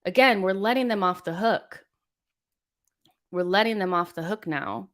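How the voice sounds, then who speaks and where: A woman's voice: mid-range voice, moderate pace, a bit bright, no room sound, studio quality. A young woman hosting a live football watchalong, venting in exasperation and reading out viewer messages. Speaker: host of a football watchalong stream. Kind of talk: live watchalong commentary and chat.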